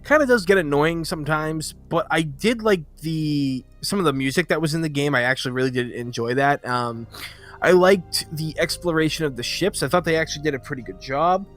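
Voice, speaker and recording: A man's voice: a little high, fairly quick, a bit bright, faint music behind. A man co-hosting a podcast in casual chat, rambling through his points. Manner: rambling, with many fillers and restarts. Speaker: podcast co-host.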